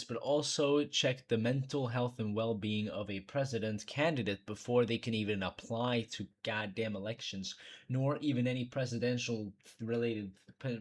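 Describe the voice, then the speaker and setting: A young man hosting a live reaction stream, ranting bluntly with plenty of swearing. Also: mid-range voice. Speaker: streamer host. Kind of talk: casual reaction stream commentary.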